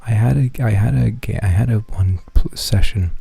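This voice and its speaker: A man streaming in a casual chat, talking in a hushed half-whisper, rambling and swearing casually. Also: fairly low pitch, normal speed, creaky, breathy edge, dry recording. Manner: profane, self-deprecating.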